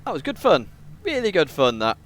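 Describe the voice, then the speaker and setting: A man's voice: fairly high pitch, huge pitch swings, normal speed, a bit bright. A man from England, a casual and jokey game streamer, chatting on a live stream and rambling with many fillers.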